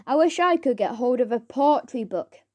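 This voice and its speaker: A woman's voice: high voice, animated, normal speed, mellow. A woman reading a children's audiobook, voicing a playful, giggly young schoolgirl.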